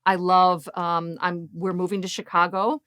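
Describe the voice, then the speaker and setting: A woman's voice: on the low side, little pitch movement, normal speed, a bit bright, no echo, studio quality. Chatty woman with a Boston accent. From Boston, USA. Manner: playful and chatty, full of compliments. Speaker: coach, podcast co-host. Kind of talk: casual podcast chat.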